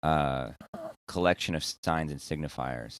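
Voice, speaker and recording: Low, smooth-voiced man rambling. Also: a little slow, no room sound. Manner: rambling, searching for words with many fillers. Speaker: podcast co-host. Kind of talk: casual podcast discussion.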